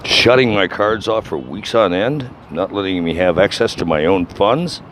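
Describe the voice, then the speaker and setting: A man making an angry call to a bank, shouting and swearing constantly. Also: deep voice, animated, normal speed, noisy background. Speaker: caller.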